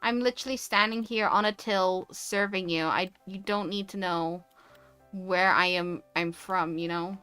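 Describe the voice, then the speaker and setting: A young woman with a posh English accent, chatting casually on a stream and ranting with animated energy. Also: medium pitch, measured pace, clean tone, dry recording, faint music behind. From United Kingdom. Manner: animated, ranty. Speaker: VTuber streamer. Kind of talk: casual chat.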